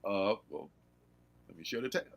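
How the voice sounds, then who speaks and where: A man hosting a casual comics livestream, animated and laughing, reading blurbs aloud. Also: fairly low pitch, normal speed, creaky. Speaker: host.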